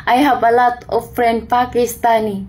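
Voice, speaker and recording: A woman's voice: fairly high pitch, flat delivery, normal speed, darkish tone. A Filipina woman with a Filipino accent, vlogging an emotional monologue in broken English mixed with Tagalog and pleading with an absent man. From Philippines. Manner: pleading, heartbroken, addresses an absent man directly. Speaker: overseas worker vlogger. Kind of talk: emotional direct-to-camera monologue.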